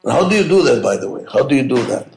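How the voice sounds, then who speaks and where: A man with a gravelly, creaky voice delivers a classroom lecture on management. He talks emphatically, repeats key points and keeps asking the audience rhetorical questions. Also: medium pitch, very animated, quick pace, darkish tone, roomy sound, a little hiss or hum, rough recording.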